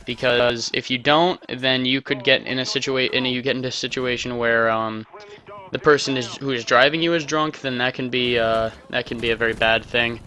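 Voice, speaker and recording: A man's voice: mid-range voice, fairly even intonation, moderate pace, pushed and bright. A young American man giving casual gameplay commentary, rambling with self-mocking jokey asides. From United States. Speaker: gaming commentator.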